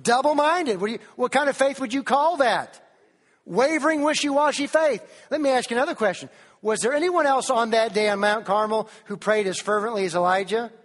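Male preacher, Tennessee, high-pitched, animated sermon full of questions and King James quotes, echoing hall. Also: a little fast.

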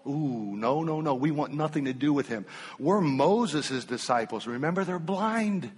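A male pastor preaching an animated, emphatic sermon to his congregation in a church. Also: mid-range voice, a little slow, slightly rough, big-room sound.

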